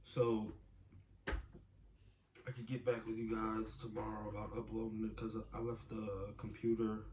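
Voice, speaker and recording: A tired young father with a soft voice, recording a rambling video diary at home late at night. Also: fairly low pitch, monotone, a little slow, long pauses, background noise. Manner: rambling, soft-spoken, talks to his toddler in between. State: exhausted, tired.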